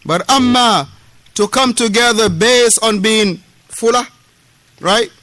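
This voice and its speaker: A man's voice: high voice, slow, bright, forceful tone, dry recording. A man from West Africa giving a lesson in a mosque, emphatic, repeating key phrases and mixing street slang with Arabic terms, acting out the quoted dialogue. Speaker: Islamic lecturer. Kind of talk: mosque lesson explaining a classical text.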